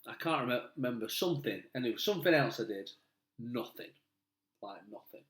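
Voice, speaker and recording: A man's voice: medium pitch, animated, a little fast. Mancunian comedian guy, rambling stories, bit echoey room. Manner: rambling anecdotes, self-deprecating, laughs mid-story. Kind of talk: casual chat. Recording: roomy echo.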